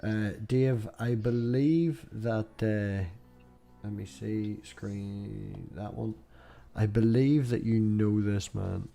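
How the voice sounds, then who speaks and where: A man's voice: fairly low pitch, fairly even intonation, slow pace, vocal fry, mellow, faint music behind. A man hosting a casual livestream video call, rambling with restarts and laughing at his own jokes. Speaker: livestream host. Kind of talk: casual group chat on a livestream.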